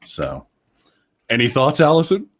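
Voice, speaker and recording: A man's voice: medium pitch, wildly swooping pitch, unhurried. A man co-hosting a casual podcast, laid-back and sardonic, laughing often. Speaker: podcast co-host.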